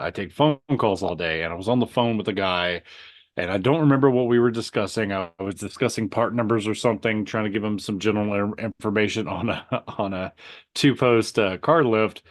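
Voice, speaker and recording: A man co-hosting a podcast, telling a story with animated energy, acting out quotes and laughing often. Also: fairly low pitch. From Southern Indiana. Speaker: podcast co-host. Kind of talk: casual storytelling chat.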